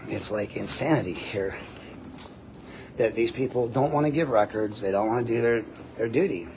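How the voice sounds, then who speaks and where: A man hosting a livestream from a body-worn camera, ranting in a loud, deep voice, combative and profane. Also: moderate pace, slight background noise. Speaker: host, citizen journalist. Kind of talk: livestreamed rant. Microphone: body-worn camera mic.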